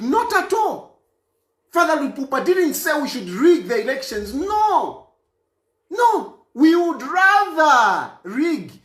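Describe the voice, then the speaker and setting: A man's voice: extremely high pitch, fairly bright tone. A man giving a heated political monologue, repeating his points insistently. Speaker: political commentator. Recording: roomy echo.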